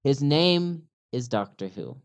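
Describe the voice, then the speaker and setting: A man's voice: medium pitch, very animated, slow pace. Upbeat American man repeating himself. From United States. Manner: upbeat, repeats phrases to coach the listener. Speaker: guest. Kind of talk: casual conversation.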